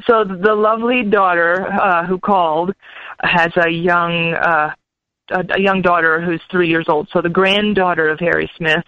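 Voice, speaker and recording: A woman guest telling a lively personal story, sometimes acting out voices in quotes. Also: lowish voice, moderate pace, no room sound, narrow, tinny audio. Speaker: podcast guest. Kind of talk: storytelling anecdote.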